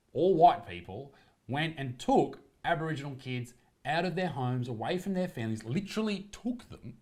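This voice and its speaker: Australian man, comedian, combative and profane, animated pitch, commentary video.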